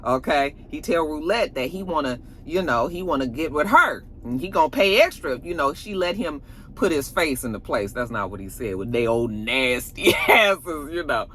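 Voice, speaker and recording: Female reviewer, casual chatty recap, bright forward tone, acts out quoted lines. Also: low voice, sing-song, normal speed, a little hiss or hum. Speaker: TV episode reviewer.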